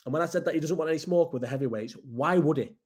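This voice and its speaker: A man's voice: on the high side, very fast, a little mellow, breathy edge. Rambling Bolton-accented man chatting live. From Bolton area, England. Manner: rambling, blunt and sweary. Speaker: live chat host. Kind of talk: casual live chat.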